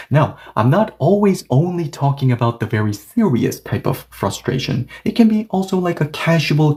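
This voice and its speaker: A man's voice: on the high side, creaky, a little mellow. A man teaching a language grammar lesson, patiently repeating and restating each point and reading example sentences aloud at several speeds.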